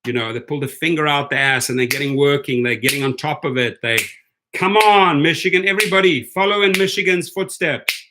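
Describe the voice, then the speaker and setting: A man hosting a casual livestream for gig drivers, chatty and excitable, reading viewer comments aloud. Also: a little high, fairly quick, background noise.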